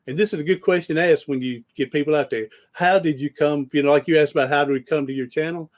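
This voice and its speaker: A man's voice: a little high, quick pace. A man hosting a podcast, telling rambling stories in casual conversation with frequent restarts. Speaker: podcast host.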